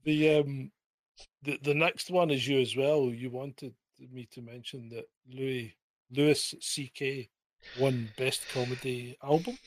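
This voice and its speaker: A man co-hosting a casual chat who talks in a slow, animated way with frequent laughter. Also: medium pitch, dry recording. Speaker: podcast co-host.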